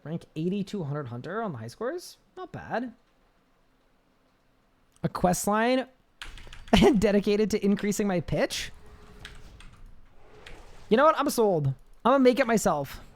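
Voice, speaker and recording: A man with a high-pitched voice, chatting casually on a live game stream, reading chat aloud and rambling with restarts. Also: sing-song, unhurried, long pauses.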